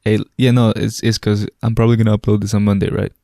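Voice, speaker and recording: A man's voice: lowish voice, little pitch movement, fast talker, creaky, warm tone, no room sound, clean studio sound. A young Italian man, a native Italian speaker, co-hosting a podcast in casual, teasing banter. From Italy. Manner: laid-back, teasing, peppers talk with "bro". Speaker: podcast co-host. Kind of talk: casual chat.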